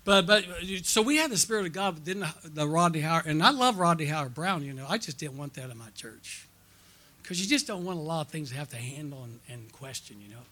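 With frequent "okay?" and "amen?" prompts, a male pastor tells stories in a conference sermon and draws responses from the congregation. He talks fast in a voice on the high side, expressive and sharp-toned.

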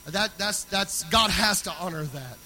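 A man preaching a sermon, moving between loud, sung exhortation and quiet, conversational storytelling. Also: high-pitched, animated, unhurried, rough recording.

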